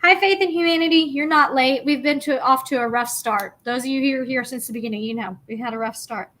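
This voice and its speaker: A woman's voice: sits high, quick pace, fairly bright tone. A young woman chatting casually and bubbly on a craft livestream, rambling with many fillers.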